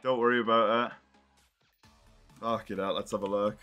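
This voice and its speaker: A man's voice: lowish voice, fairly even intonation, normal speed, pushed and bright, lo-fi sound, soft background music. A young man reacting on a live stream, exasperated and swearing as he thinks aloud.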